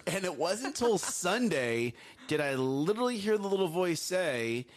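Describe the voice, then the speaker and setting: Animated man on a morning show. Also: high voice, normal speed. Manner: animated, repeats himself, laughs often. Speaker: co-host of a morning talk show. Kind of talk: casual chat.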